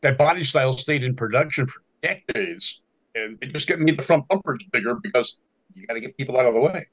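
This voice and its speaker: A man's voice: medium pitch, brisk, fairly bright tone, rough recording. A man co-hosting a car podcast, easygoing, asking questions and adding short remarks. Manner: easygoing, brief interjections. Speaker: podcast co-host. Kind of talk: casual podcast chat.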